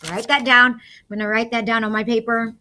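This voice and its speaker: A woman's voice: fairly high pitch, little pitch movement, fairly quick, pushed and bright. A woman teacher patiently walking young students through a math lesson step by step.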